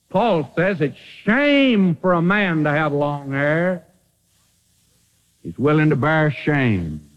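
A man preaching in a lively sermon voice that climbs and drops all over his range. He moves from ringing declarations to quiet, low asides. The sound is dull and muffled, like an old radio broadcast. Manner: dramatic, swings from loud to hushed.

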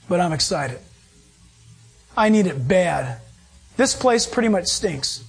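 Emphatic high-voiced preaching pastor. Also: male voice, husky. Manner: animated, emphatic preaching with quick bursts. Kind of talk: sermon.

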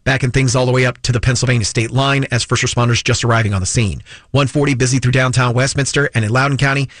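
A male radio traffic reporter rattling through road conditions at a quick pace. His voice is close and dry, with faint music underneath. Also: mid-range voice, no room sound. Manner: brisk, rapid-fire.

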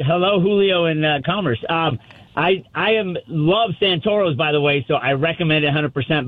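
A man's voice: a little high, no room sound. Urgent male caller on a phone line. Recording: dry tinny phone line.

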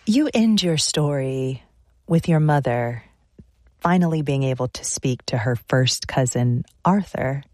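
Calm low-voiced woman radio host. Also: unhurried, no room sound. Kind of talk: radio interview.

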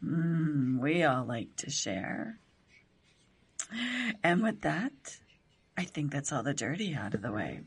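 A woman's voice: low-pitched, animated, slow, long pauses, slightly rough. A woman hosting a radio show from a studio, talking in a bold, teasing way and swearing casually.

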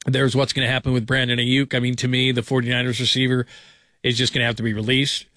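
A man's voice: mid-range voice, completely flat delivery, fast talker, bright, forceful tone, no room sound. A man hosting a late-night sports radio talk show in a rambling, conversational way, with chuckling asides. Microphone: studio broadcast mic.

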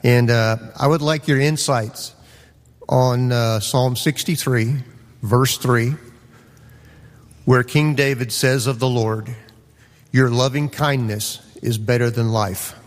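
A man's voice: medium pitch, steady tone, slow pace. A man from Florida in a live audience politely asking about a psalm, with some hesitation. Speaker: audience member asking a question. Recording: audience mic in a reverberant hall.

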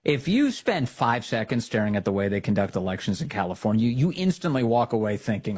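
Animated, sarcastic male commentary host. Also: lowish voice, brisk, few pauses, slightly rough. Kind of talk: political commentary.

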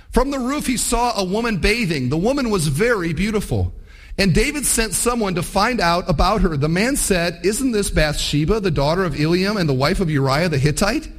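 Animated male preacher, lively pitch. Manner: animated storytelling, acting out quoted voices. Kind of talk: sermon.

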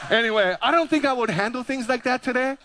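Speaking at a quick pace in a very high voice, a male pastor in his fifties from Hawaii delivers a story-rich sermon full of animated, self-deprecating humor. A little hiss or hum can be heard in the recording.

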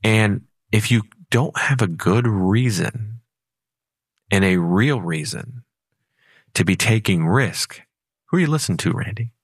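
A man's voice: fairly low pitch, animated, a little slow, slightly rough, no echo, studio quality. A man co-hosting a financial radio show, telling stories in a conversational way that sometimes speeds up. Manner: storytelling and conversational, with sudden speed-ups. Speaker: financial advisor co-host. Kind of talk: talk radio chat.

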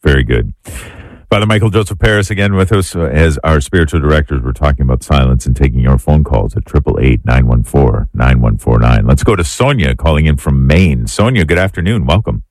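A man's voice: extremely low pitch, lively intonation, a little fast, darkish tone, no echo, studio quality. A man hosting a radio call-in show, giving brief affirmations and introducing callers. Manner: brief affirmations, smooth hand-offs. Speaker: radio talk show host.

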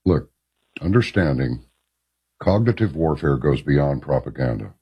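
A man's voice: very deep voice, animated, measured pace, husky, lo-fi sound. A man hosting a late-night talk radio show, asking long rambling questions with folksy asides.

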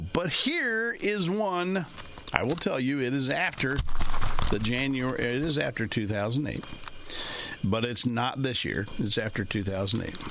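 Man, gravelly voice, folksy, rambling, chuckles often, casual monologue, financial services commentator. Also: fairly high pitch, fairly bright tone, slight background noise.

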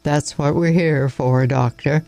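A man reading a story aloud and voicing a calm older grandfather who speaks low and evenly. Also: brisk, no room sound, lightly acted. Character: calm older grandfather, school board head.

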